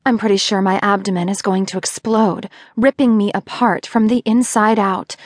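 A woman's voice: mid-range voice, steady tone, moderate pace, no echo. Woman narrating in a dry, close voice. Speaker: audiobook narrator. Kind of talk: first-person audiobook narration.

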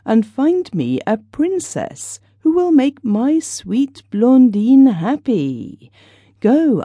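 A woman voicing a gentle, grieving widowed king in a storybook reading, speaking slowly and tenderly. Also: medium pitch, slightly rough, dry recording, dull audio, exaggerated voice.

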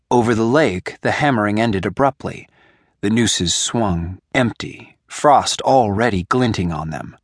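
A man narrating a young-adult fantasy audiobook in a measured, deliberate way. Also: fairly low pitch, animated, dry recording, clean studio sound. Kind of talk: scripted narration.

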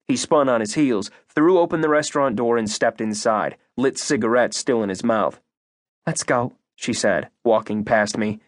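A man narrating a first-person audiobook in an expressive, measured voice. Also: mid-range voice, no echo, studio quality.

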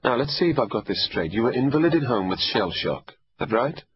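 A man voicing a blunt, sardonic older army doctor who gives brisk orders. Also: medium pitch, sing-song, muffled recording, pitched above the performer's own voice, lightly acted. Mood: brusque. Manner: brisk, bossy, teasing. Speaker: army medical examiner.

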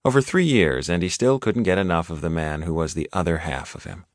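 A man reading a romance audiobook in an even, measured narration, close to a studio mic. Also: deep voice, no echo. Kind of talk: scripted narration.

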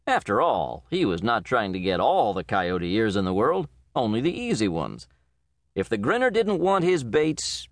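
Male narrator for a western short story, measured, lively pitch, very dry studio sound. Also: no echo. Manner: measured, expressive storytelling reading. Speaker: audiobook narrator. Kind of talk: scripted narration.

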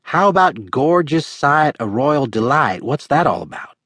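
A man voicing a curious, eager young woman who asks quick questions. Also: fairly high pitch, very animated, fairly bright tone, dry recording, clean studio sound, voice pushed up, exaggerated voice. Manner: quick, inquisitive.

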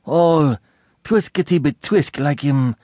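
A man voicing a male harpooner who speaks halting broken English in an audiobook. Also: on the high side, animated, dark tone, no echo, clean studio sound.

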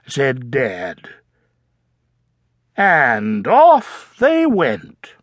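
Brief: male narrator for a kids' audiobook, slow and very lively in pitch, dry studio sound. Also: no echo. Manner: playful, drawn-out, with sound effects. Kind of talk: children's storybook narration. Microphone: studio mic.

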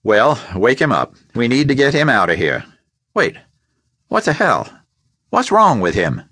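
A brash, blustering crime boss with a loud, lively voice that swings up and down, as a male narrator plays him. It is a close, dry audiobook recording. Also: mid-range voice, unhurried, husky, dry recording, exaggerated voice. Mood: brusque.

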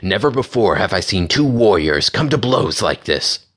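A man voicing a regal, wise lady of the dryads who speaks in a formal, measured way in an audiobook. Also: low-pitched, sing-song, a bit bright, voice pushed up, full character voice. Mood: solemn.

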